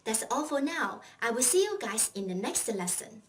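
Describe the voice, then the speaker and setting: A woman's voice: on the high side, sing-song, moderate pace, recorded from a distance, low-quality recording. A woman teaching a recorded language lesson, patiently explaining and leading repeat-after-me drills.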